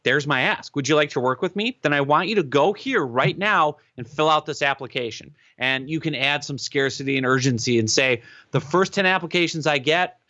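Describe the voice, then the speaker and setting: Animated man giving business advice. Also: on the high side, moderate pace, hardly any pauses, no room sound. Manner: animated, emphatic, peppered with "right?". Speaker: guest expert on webinars. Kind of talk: conversational interview advice.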